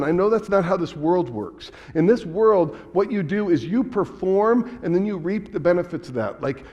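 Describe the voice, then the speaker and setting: A man with a high voice delivers a sermon in a relaxed, conversational preaching style. His words ring out with a long reverb from the church hall around him. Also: muffled recording. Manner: conversational preaching, paraphrases scripture in casual speech. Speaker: pastor.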